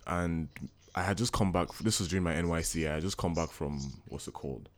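A young man from Nigeria co-hosting a casual podcast, telling animated stories full of swearing and laughter. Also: low-pitched, brisk. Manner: animated storytelling, profane, laughing. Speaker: podcast co-host. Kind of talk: casual chat.

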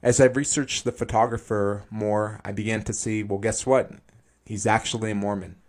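A man with a somewhat low voice hosts a critical commentary podcast. He reads lengthy quotes aloud in measured tones, then breaks in with earnest, disapproving remarks of his own. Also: steady tone. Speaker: podcast host.

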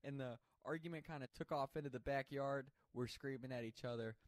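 A man's voice: medium pitch, a little fast, no echo, studio quality. A man telling a personal story casually, swearing freely and laughing as he goes. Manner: profane, animated, laughs while telling.

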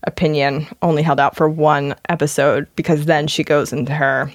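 A woman's voice: deep voice, little pitch movement, moderate pace, no echo, clean studio sound. A woman with a Philadelphia accent co-hosting a podcast, chatting casually with lots of fillers and laughs. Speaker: podcast co-host. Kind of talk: casual chat.

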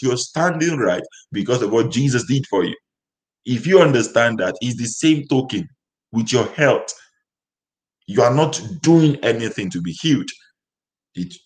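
A man's voice: lowish voice, rough recording. A man preaching a sermon, speaking in emphatic, repetitive declarations.

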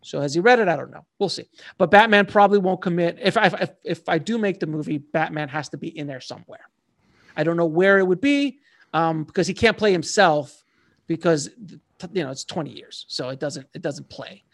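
Author guest, man, gravelly voice that sits a bit high, lively anecdotes in a dry close sound. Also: a little fast, dry recording. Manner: animated, slangy storyteller. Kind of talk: casual interview storytelling.

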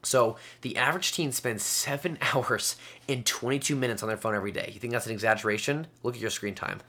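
A young man in his late teens talks on his own podcast in a loose, conversational way. His voice is bright and forward, and he keeps up an upbeat, chatty tone with quick little laughs. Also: mid-range voice. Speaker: podcast host. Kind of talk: casual solo podcast talk.

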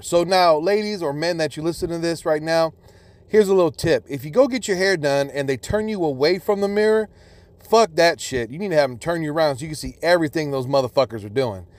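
A man's voice: fairly high pitch, fairly quick, a little mellow, dry recording. A man telling a personal story in a casual, profane, rambling way, full of restarts.

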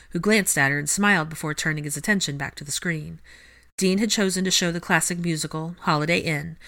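A woman narrating a fan fiction chapter in a steady, measured storytelling manner. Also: fairly low pitch. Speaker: audiobook reader.

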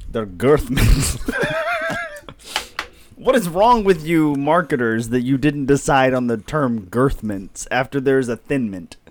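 A man co-hosting a podcast, reading a mock product review in a deadpan, mock-formal way and breaking into laughter. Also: mid-range voice, slow pace, slight background noise. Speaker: podcast co-host. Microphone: podcast mic.

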